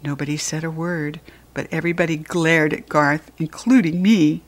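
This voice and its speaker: A woman reads a children's story aloud with an expressive, lively delivery. Her voice sits slightly low for a woman. She reads it as storytelling. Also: moderate pace. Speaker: narrator reading a children's book.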